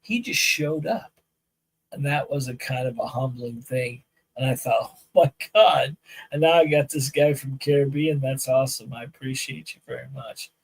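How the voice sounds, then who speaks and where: A man hosting a live podcast as a firearms instructor, chatting casually with viewers and telling animated stories where he acts out both sides of conversations. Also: mid-range voice, moderate pace, gravelly, slightly rough, low-quality recording. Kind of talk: casual live-stream chat. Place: outdoor shooting range.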